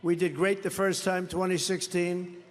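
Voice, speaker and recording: A man's voice: high-pitched, flat delivery, moderate pace. An older American man giving a boastful, mocking campaign rally speech into a podium microphone, repeating his phrases often. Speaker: political rally speaker. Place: large indoor rally venue. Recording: reverberant arena sound with faint crowd ambience.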